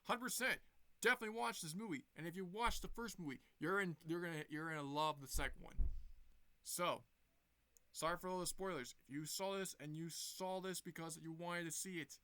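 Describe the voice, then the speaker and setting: A man's voice: high voice, fairly quick, pushed and bright, no echo. A young man casually retelling a movie plot for his review, rambling with lots of restarts. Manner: rambling, many fillers and restarts.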